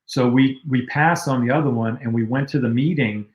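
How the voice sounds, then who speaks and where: A man in casual conversation, recounting old stories in a relaxed, rambling way, with fillers. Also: medium pitch, normal speed, lo-fi sound. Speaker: guest, music video director. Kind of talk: casual storytelling on a livestream. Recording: roomy echo.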